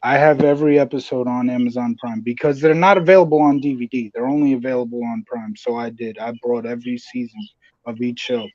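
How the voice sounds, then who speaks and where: A man's voice: medium pitch, steady tone, brisk, dry recording, dull audio. A man hosting a podcast, chatting casually and swearing while he retells wrestling scenes. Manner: casual, profane, retells scenes in put-on voices. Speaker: podcast host. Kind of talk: casual wrestling review chat.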